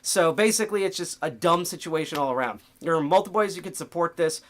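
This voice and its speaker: A man hosts a casual livestream with a slightly high-pitched voice. He rambles, swears freely and often loses his thread, filling gaps with "um" and "uh". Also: fast talker. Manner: rambling and profane, loses his train of thought. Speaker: host.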